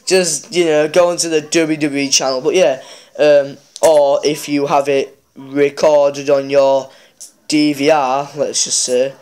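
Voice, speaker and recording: A man's voice: on the high side, flat delivery, unhurried, darkish tone, clean tone. A man hosting a mobile game channel, casually recapping a wrestling show with lots of fillers and restarts. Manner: rambling, many fillers and restarts.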